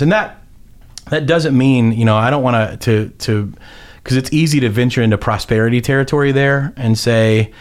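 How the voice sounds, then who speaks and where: A man's voice: medium pitch, moderate pace. A man, a pastor, talking through a Bible passage in casual conversation, often restarting sentences and acting out the characters' lines. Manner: rambling, many restarts and fillers, acts out quotes.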